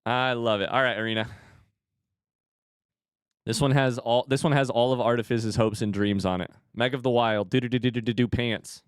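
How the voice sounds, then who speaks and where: Young guy streaming, chatting w/ chat, gets loud and hyped fast, clean dry sound. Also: mid-range voice, smooth, no room sound. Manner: excitable, swings from hushed to shouting. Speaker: streamer host. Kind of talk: casual live stream chat.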